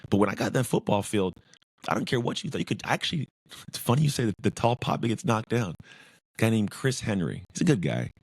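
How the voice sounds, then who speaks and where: Low-voiced guy, intense and emphatic, piles up repeated phrases, dry close sound. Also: big pitch swings, brisk, vocal fry, slightly rough, no echo. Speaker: podcast guest, former pro football player. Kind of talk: casual interview talk.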